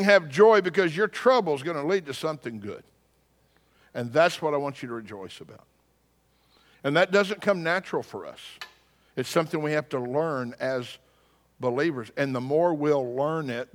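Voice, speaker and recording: A man preaching a sermon, telling a story with wry humor and lively delivery. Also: mid-range voice, big-room sound. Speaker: pastor.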